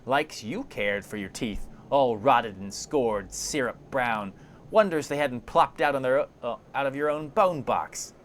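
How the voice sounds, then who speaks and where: A man's voice: mid-range voice, huge pitch swings, unhurried, a little hiss or hum, voice pushed up. A man voicing a cranky old woman who picks at corpses and mutters to herself in broken grammar. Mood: indignant. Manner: muddled grammar, talks to herself. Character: shrieking mumbling old female corpse-picker, cranky.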